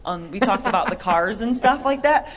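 A woman co-hosting a Christian talk show, chatty and animated, acting out little quotes. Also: medium pitch, moderate pace. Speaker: co-host. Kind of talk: Christian podcast chat.

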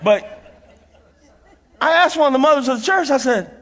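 A man's voice: very high-pitched, lively intonation, moderate pace, pauses often, a bit bright. A middle-aged man preaching a sermon as a pastor, telling folksy stories with frequent laughter and repeated phrases for emphasis. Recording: long reverb of a large hall.

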